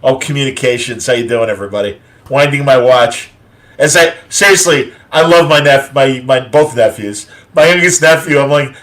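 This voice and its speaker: A man's voice: fairly high pitch, moderate pace, a bit bright. Stammering middle-aged male host. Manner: rambling, stammering, acts out voices in stories. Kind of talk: casual chat.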